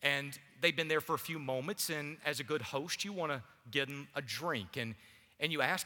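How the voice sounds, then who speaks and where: A man's voice: on the high side, normal speed. A male pastor, preaching a sermon in a church and chatting casually with the congregation. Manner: animated preaching with audience asides. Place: church sanctuary. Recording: long church hall reverb.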